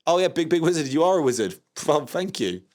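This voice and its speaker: A man hosting a livestream, rambling in a deadpan way with lots of ums and restarts. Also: fairly high pitch, fairly quick. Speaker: livestream host doing a comedy DJ character. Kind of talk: deadpan improvised livestream comedy.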